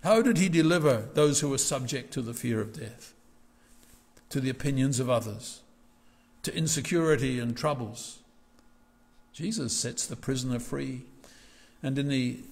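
A male pastor preaching a reflective sermon in a church, often restarting his phrases. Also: mid-range voice. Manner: reflective, with frequent restarts and gentle asides. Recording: long hall reverb.

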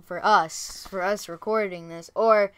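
A woman's voice: mid-range voice, steady tone, measured pace, clear, resonant tone, no room sound. A woman co-hosting a casual podcast from her bedroom, rambling with lots of fillers and restarts. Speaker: co-host and game developer.

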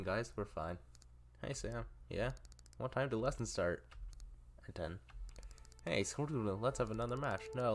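A man casually playing a game on video, reading its text aloud in a musing way and sometimes stammering. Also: lowish voice. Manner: slow, musing, occasional stammers. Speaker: let's player.

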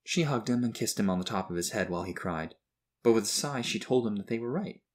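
A man with a low-pitched voice reads a children's story aloud in a measured, expressive way. His tone is husky and somewhat breathy. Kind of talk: storybook narration.

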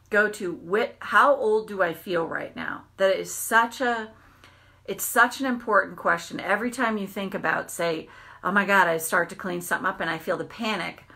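A middle-aged woman hosts a casual live stream about tapping. Her voice is bright and clear, and she talks earnestly, rambling a little, restarting her sentences and tossing in quick asides. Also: medium pitch.

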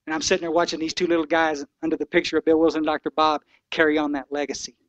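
A man's voice: fairly high pitch, little pitch movement, rapid-fire, no room sound, highs cut off. Older guy preaching to a recovery meeting, folksy and fired up, dry close sound. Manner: passionate, folksy and preachy, with blunt asides. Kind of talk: impassioned talk to a recovery meeting.

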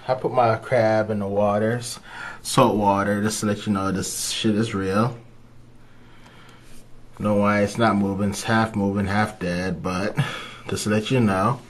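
A young man vlogging casually from his kitchen sink, excitable and profane, talking to his dog and the camera. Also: on the low side, a little hiss or hum. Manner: excitable, profane, talks to a pet. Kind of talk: casual handheld vlog.

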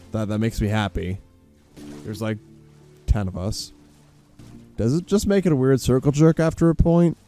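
A man hosting a profane let's play commentary, sarcastic and swearing constantly, bursting into yells. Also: medium pitch. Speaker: gaming channel host.

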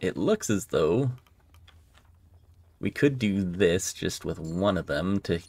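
A man's voice: sits low, slow pace. A man playing a game and commenting casually, thinking aloud as he decides. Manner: relaxed, thinking aloud, trailing off. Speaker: gaming channel host. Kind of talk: let's play commentary.

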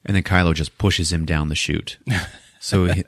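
A man's voice: deep voice, normal speed, dry recording, studio quality. A man hosting a podcast, retelling a movie casually with laughter and swearing. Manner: laughing, profane, animated retelling. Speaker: podcast host.

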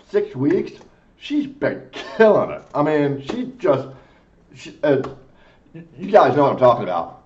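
A man's voice: mid-range voice, muffled recording. A man hosting a music reaction video, gushing and emotionally moved as he comments. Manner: gushing, effusive, exclaims often.

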